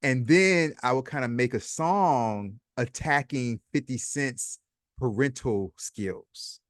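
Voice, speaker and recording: A man's voice: mid-range voice, takes it slowly, no echo, clean studio sound. A man hosting a casual commentary vlog, chatty and sarcastic, reading posts aloud and adding his own comments. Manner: chatty, sarcastic, repeats himself. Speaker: host.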